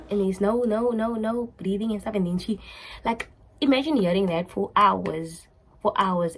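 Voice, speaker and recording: A woman's voice: mid-range voice, a little mellow, husky, rough recording. A young woman with a South African accent telling a personal story in a casual, emotional way, slipping into Afrikaans words. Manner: emotional, repetitive, switches into Afrikaans. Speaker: vlogger.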